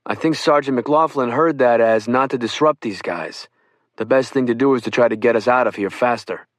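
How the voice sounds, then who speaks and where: Man calmly reading survivor stories for an audiobook, mid voice, super dry recording. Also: mid-range voice, normal speed, no room sound. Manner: calm first-person testimony reading. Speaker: audiobook narrator. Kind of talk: oral history audiobook reading.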